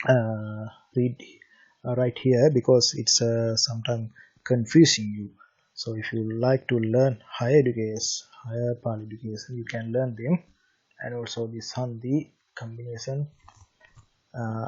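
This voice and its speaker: A man with a Sri Lankan accent talks through a Pali language lesson at a slow, deliberate pace, saying each word and then its meaning. His voice is mid-pitched and husky, and he pauses often on hesitant "uh"s. The recording sounds dull and lo-fi. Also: darkish tone. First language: Sinhala.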